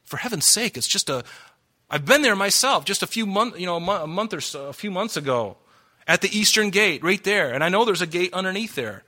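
A man's voice: high-pitched, lively intonation, fairly quick, sharp tone. A man preaching a sermon to a congregation, fervent and worked up, breaking into laughs and asides. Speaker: pastor. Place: church hall before a congregation.

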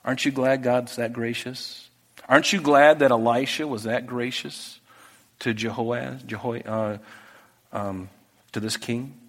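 A man preaching a sermon, talking through the text in a conversational way that moves from hushed to emphatic. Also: mid-range voice, fairly even intonation, unhurried. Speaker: pastor. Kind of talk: expository sermon. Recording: echoey hall with long reverb.

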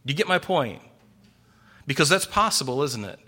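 A man preaching an expository sermon, animated and full of rhetorical questions. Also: fairly high pitch, normal speed. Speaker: pastor.

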